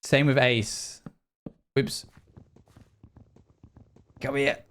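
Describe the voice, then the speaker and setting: A man's voice: medium pitch, fairly even intonation, drawn-out words, a bit bright. A young man livestreaming a game, chatting easily with his viewers. His talk wanders and keeps circling back to restart thoughts, in an unremarkable mid-range voice. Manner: rambling, chatty, often restarts mid-sentence. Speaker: streamer. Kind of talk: casual livestream chat while playing.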